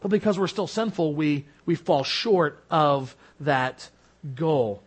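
Casting: high-pitched male pastor, earnest sermon delivery, swells and soft drops. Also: animated, slow pace, husky. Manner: earnest preaching, rising for emphasis and dropping to soft low endings.

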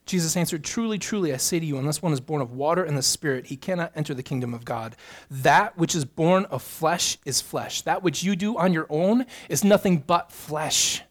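Speaking at a moderate pace, this fairly high-voiced pastor delivers an earnest, convinced sermon. Repeated phrases hammer home every point, growing more emphatic as he goes.

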